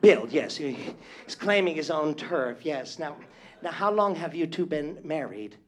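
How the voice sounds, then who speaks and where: A man's voice: a little high, animated, a little slow. A male entertainer chatting from the stage at a live venue, flamboyant and teasing, calling everyone "darling.". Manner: flamboyant and teasing, with constant endearments. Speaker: stage entertainer working the crowd. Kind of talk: live stage banter with the audience.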